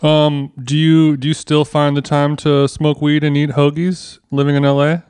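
A man hosting a podcast, cracking crude, deadpan jokes between questions. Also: fairly high pitch, moderate pace, smooth, dry recording. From Los Angeles. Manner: crude joking, deadpan asides. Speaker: podcast co-host. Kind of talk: casual podcast chat.

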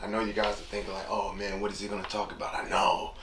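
A young man hosts his own podcast alone, drifting from thought to thought in a relaxed, reflective ramble and returning again and again to the same catchphrases. His voice sits low. The recording has an echoey room sound with steady noise behind him. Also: fast. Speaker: podcast host. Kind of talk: casual solo podcast monologue.

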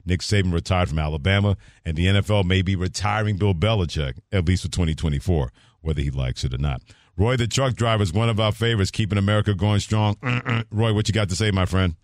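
A man with a very low voice hosts sports talk radio at a brisk clip. He is chatty and laughs easily, and his studio mic sounds dry and close. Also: no room sound. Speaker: radio host.

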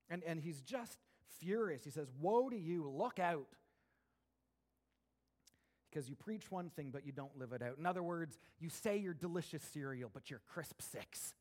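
A man preaching a sermon to his congregation, animated, moving between quiet asides and raised, emphatic passages. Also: a little high, normal speed. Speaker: pastor.

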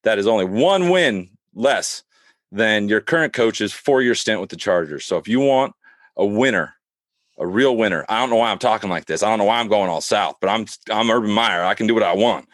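A man's voice: lowish voice, animated, a little fast, dry recording, studio quality, lightly acted. A man playing a brash, boastful male football coach candidate in a comedic mock job interview. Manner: swaggering, cocky boasts.

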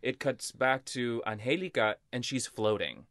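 A man talks at a middle pitch, recorded dry and close. He co-hosts a podcast and walks his partner through the plot in a measured, agreeable way. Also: expressive, a bit bright, dry recording. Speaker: podcast co-host. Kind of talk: casual film discussion.

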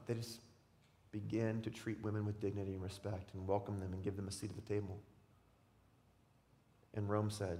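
A man preaching a sermon as pastor, animated, swinging between loud emphatic lines and quiet slow ones. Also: lowish voice, in a large hall.

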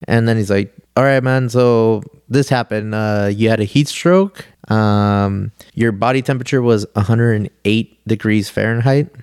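A man's voice: fairly low pitch, normal speed, hardly any pauses, a little mellow, clean tone, no room sound, studio quality. A young man, a podcast guest telling a long story in a laid-back, slangy way, full of "like" and "dude". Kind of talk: casual storytelling chat.

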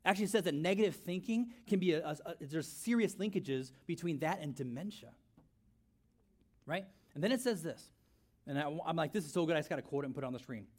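Animated preacher man, higher voice. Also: fast talker. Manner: animated, rhetorical questions, repeats phrases. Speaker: pastor. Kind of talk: sermon.

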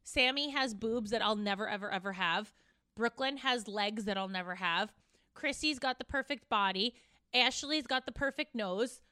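A woman's voice: a little high, normal speed, bright, forceful tone, clear, resonant tone, no room sound, clean studio sound. A woman in her thirties, a guest in a casual chat, talking bluntly and brashly and swearing a lot.

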